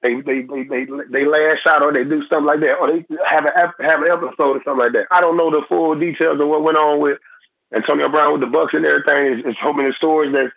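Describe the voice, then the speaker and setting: A young man, a former football player, talking in a phone-in interview in halting, repetitive phrases. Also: a little high, steady tone, creaky, no room sound. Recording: tinny phone line.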